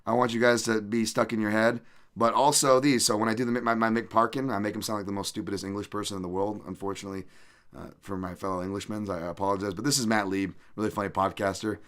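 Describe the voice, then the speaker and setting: A man's voice: lowish voice, fairly even intonation, fast talker, fairly bright tone. A man hosting a podcast, talking in a rambling, profane, self-deprecating way. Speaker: podcast host. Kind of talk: casual podcast monologue.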